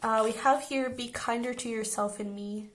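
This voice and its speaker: A woman's voice: a little high, steady tone, moderate pace, slight background noise. A young woman giving a casual pick-a-card tarot reading, earnest and reassuring, often checking in with "okay?". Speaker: tarot reader.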